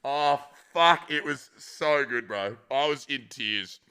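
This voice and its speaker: A young Australian man on a live stream tells crude stories to his chat, swearing freely and often laughing as he talks. His mid-range voice is slow, pushed and bright, with a clean tone.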